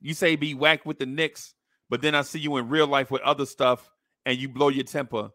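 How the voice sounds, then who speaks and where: Blunt, bright-voiced man ranting. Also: mid-range voice, a little fast, no echo, clean studio sound. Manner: blunt, mocking, animated with slang. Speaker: podcast host. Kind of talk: opinion rant to camera.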